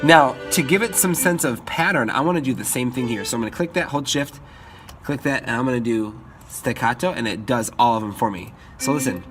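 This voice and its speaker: A man's voice: medium pitch, fairly quick, fairly bright tone. A man teaching music composition in a screen-recorded tutorial, upbeat, stopping now and then to scat-sing the melodies.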